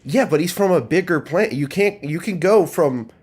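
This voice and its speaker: A man's voice: fairly high pitch, lively intonation, moderate pace, darkish tone, a little hiss or hum. A man co-hosting a casual book podcast, tossing in offhand facts and teasing jokes. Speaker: podcast co-host.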